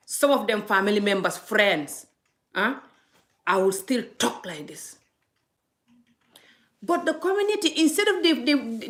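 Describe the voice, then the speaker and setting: A woman's voice: mid-range voice, fairly bright tone. A middle-aged woman from Gambia vlogging in an earnest, impassioned monologue, often restarting and repeating herself. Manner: earnest, frequent restarts and repetition.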